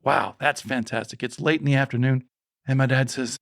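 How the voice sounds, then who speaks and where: A man in his sixties, a podcast guest telling a story from his childhood in an animated way and voicing the people in it. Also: mid-range voice, normal speed, vocal fry, no echo, clean studio sound. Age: 60s.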